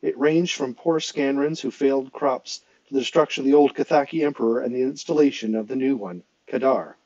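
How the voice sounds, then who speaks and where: A man reading a novel aloud in a steady, expressive narrating voice. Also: mid-range voice, a little fast, no room sound, lo-fi sound. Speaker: audiobook reader.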